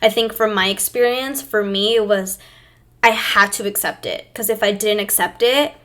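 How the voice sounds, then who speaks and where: A young woman hosting her own video, talking to camera in a reflective, emotional way, with pauses and restarts. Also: medium pitch, fairly bright tone. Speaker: host. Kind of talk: personal talk to camera.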